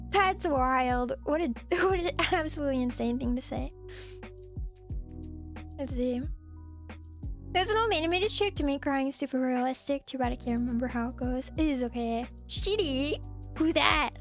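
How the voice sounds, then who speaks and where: A woman streaming as a VTuber, chatting casually and playfully with viewers and giggling often. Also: high-pitched. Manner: playful and giggly, cutesy teasing. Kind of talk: casual live-stream chat. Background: faint background music.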